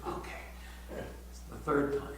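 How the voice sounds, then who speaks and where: An older male pastor giving a retreat sermon, telling a tender story and often sinking to a hushed near-whisper. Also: measured pace. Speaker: pastor leading a prayer retreat. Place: retreat meeting room. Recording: echoey room from far off with faint hum.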